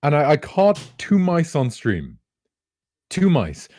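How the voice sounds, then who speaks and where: A young man, co-hosting a podcast and ranting excitedly with plenty of swearing. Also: fairly high pitch, slow, dry recording. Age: young adult. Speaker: podcast co-host. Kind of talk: casual chat.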